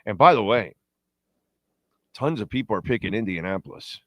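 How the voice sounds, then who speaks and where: A man's voice: lowish voice, expressive, normal speed, a bit bright, dry recording. A man hosting a pregame sports talk show, rambling in opinionated, die-hard fan banter and reading out messages from his listeners. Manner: reads the chat board and talks to listeners. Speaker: sports radio show host.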